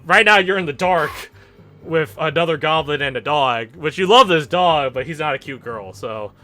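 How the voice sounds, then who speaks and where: A man running a tabletop game as game master, narrating in a lively, jokey way. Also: fairly high pitch, normal speed, faint music behind.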